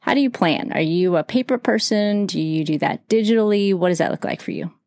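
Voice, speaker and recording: A woman's voice: lowish voice, a little fast, a little mellow, no room sound, clean studio sound. A woman hosting a podcast interview, chatty and affirming, with many fillers. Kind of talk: casual interview chat.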